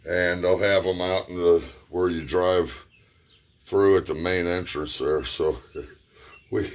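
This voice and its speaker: A man telling a personal story in a laid-back, profane, rambling way. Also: sits low. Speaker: vlogger. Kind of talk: casual storytelling.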